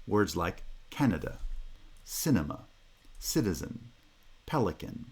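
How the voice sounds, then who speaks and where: Deep-voiced North American man lecturing. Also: big pitch swings, a little mellow, slightly rough. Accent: North American English. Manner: measured, explanatory, pauses with "uh". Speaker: linguistics lecturer. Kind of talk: recorded university lecture.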